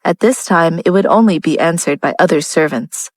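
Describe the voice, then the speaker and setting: A woman narrating a romance audiobook in a steady, even reading style. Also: lowish voice, normal speed, no echo, poor audio. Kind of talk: scripted narration.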